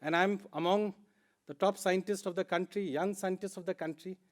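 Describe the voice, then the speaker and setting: A man's voice: high-pitched, steady tone, moderate pace. A man with an Indian English accent giving a plenary conference talk, earnest and emphatic, repeating words for stress. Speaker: conference speaker.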